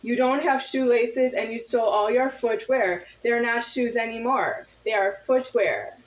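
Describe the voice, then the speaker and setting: A woman's voice: a little high, unhurried, roomy sound, poor audio. A woman in a confrontational monologue to camera, firing off insistent, repetitive rhetorical questions.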